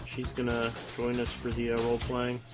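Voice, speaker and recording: A man's voice: medium pitch, completely flat delivery, normal speed, over music. Easygoing man in casual chat. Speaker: game master and podcast host.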